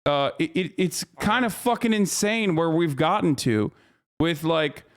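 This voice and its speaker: A man's voice: fairly high pitch, unhurried. A man livestreaming casual commentary, ranting in an exasperated, profane way and rambling with frequent restarts. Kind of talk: casual live-stream commentary.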